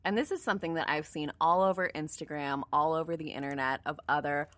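Playful lower-voiced woman podcaster. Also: quick pace, a bit bright, no echo. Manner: playful, laughs often, reads product text aloud. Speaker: podcast co-host. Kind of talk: casual chat.

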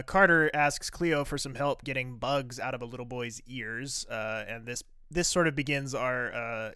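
Man, podcast co-host, casual recap, bright and crisp tone, dry close sound, lots of "uh" fillers. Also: mid-range voice, no echo. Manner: rambling, frequent "uh" fillers and restarts.

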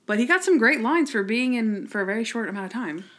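A woman's voice: on the high side, expressive, fast, a bit bright. A woman co-hosting a podcast, chatting casually about a TV episode, often using "like" and acting out characters' lines. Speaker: podcast co-host.

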